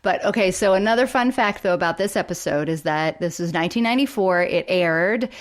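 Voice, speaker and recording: A woman co-hosting a podcast in casual chat, lively and full of quick asides. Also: fairly low pitch. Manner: chatty, animated, quick asides. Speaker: podcast co-host.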